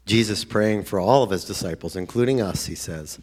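A man preaching a sermon in an earnest, conversational way, now and then breaking into excited outbursts. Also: low voice, moderate pace, few pauses, breathy edge.

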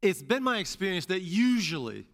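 A man preaching a sermon as pastor and teacher, repeating key phrases and rising to loud stresses. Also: high-pitched, sing-song, normal speed.

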